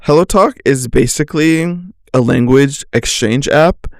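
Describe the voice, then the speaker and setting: A man's voice: medium pitch, measured pace, gravelly, dry recording, clean studio sound. A young man hosting a solo podcast, rambling casually through a story with lots of slang and "like" fillers, often laughing at himself. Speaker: podcast host.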